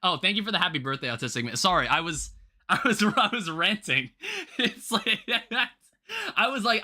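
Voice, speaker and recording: High, lively young man ranting casually. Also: normal speed. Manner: rambling, animated ranting with restarts and laughs. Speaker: livestream host. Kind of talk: casual livestream chat.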